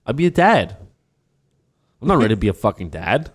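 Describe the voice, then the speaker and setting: A man's voice: lowish voice, very animated, a little fast, slightly rough, no echo, clean studio sound. A sleep-deprived man co-hosting a podcast, rambling and giggling in casual chat. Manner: rambling, giggly, jumps into silly bits. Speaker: podcast co-host.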